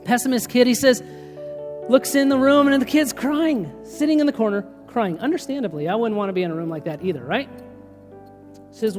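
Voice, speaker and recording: A man preaching a sermon, spinning stories with lively energy and frequent laughter. His voice carries a long church-hall reverb, with faint music underneath. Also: very high voice, a little fast. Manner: storytelling, animated, laughs often. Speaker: pastor.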